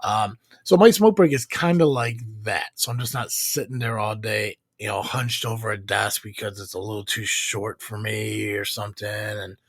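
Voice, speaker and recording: A man's voice: lowish voice, normal speed, hardly any pauses, no echo, clean studio sound. A man co-hosting a casual live podcast, rambling and swearing, with lots of fillers. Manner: rambling, profane, many fillers. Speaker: podcast co-host.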